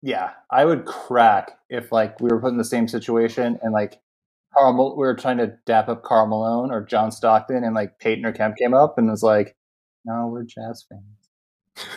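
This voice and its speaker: A man co-hosting a podcast in casual chat, adding quick joking reactions and short interjections. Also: medium pitch, steady tone, a little mellow. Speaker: podcast co-host.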